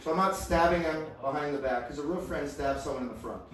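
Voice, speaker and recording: A man's voice: a little high, fast, a little hiss or hum. A man doing a playful, self-mocking stand-up set, often laughing through his own lines. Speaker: stand-up performer. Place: large hall with live audience. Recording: echoey hall, far from mic, live crowd.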